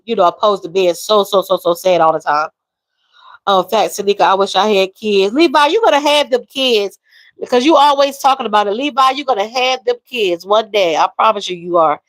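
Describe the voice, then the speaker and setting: A woman's voice: medium pitch, normal speed, a bit bright, no room sound, poor audio. A woman, talking openly and emotionally while reading out viewer comments. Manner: emotional, reads viewer comments aloud, drawls. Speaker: livestream host. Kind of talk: casual live-stream chat.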